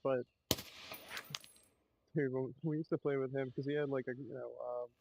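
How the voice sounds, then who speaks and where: A young man casually chatting during a multiplayer game, laughing often and telling stories in an animated way. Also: mid-range voice, phone-quality sound. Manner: giggly, animated, quick to laugh. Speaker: gamer co-host. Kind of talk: casual gaming chat. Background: gunfire and game noise.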